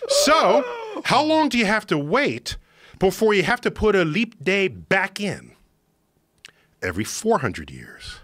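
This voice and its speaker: Man, podcast guest, animated excitable explaining, swooping higher voice, dry studio sound. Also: a little slow, dry recording. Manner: emphatic, excitable lecturing. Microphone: studio podcast microphone.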